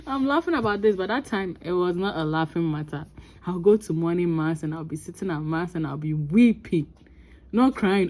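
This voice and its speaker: A woman with a Ghanaian accent telling a story from her own life in a casual vlog, animated and laughing often. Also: fairly low pitch, moderate pace. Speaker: crafting vlogger.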